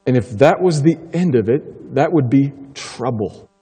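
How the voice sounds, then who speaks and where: Emphatic preacher in a reverberant hall. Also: male voice, mid-range voice, lively intonation, mellow, slightly rough, faint music behind. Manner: emphatic, slows down to stress key phrases. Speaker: pastor. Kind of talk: sermon.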